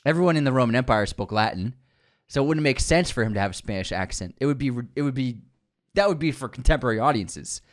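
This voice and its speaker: A man co-hosting a film podcast in casual chat, talking in an animated way and laughing often. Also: mid-range voice, quick pace. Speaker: podcast co-host.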